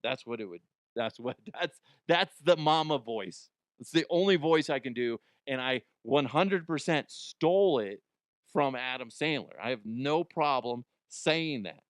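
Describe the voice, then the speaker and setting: A man's voice: mid-range voice, expressive, measured pace, dry recording, clean studio sound. A man hosting a comedy news show, rambling in a jokey, self-interrupting way. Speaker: podcast host. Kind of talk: casual comedic commentary.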